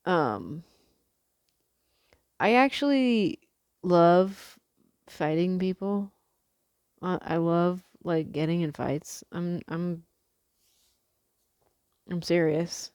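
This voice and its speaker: Low, gravelly-voiced woman rambling casually. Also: slow pace, pauses often, a little mellow, no echo, clean studio sound. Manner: chatty, rambling, swears casually, many fillers. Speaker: vlogger. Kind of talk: casual vlog monologue.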